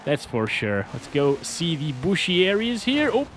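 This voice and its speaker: Lively high-voiced man reviewing hardware. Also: unhurried, slight background noise. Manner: upbeat, chatty, laughs often, drops to mumbled asides. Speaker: tech reviewer host. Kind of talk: casual hardware review commentary.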